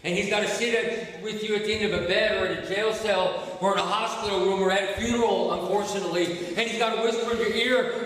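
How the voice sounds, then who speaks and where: A man preaching to a recovery group, impassioned, dropping low and hushed then rising loud. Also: steady tone, quick pace, few pauses. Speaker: recovery ministry speaker. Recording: echoey hall, mic from far off.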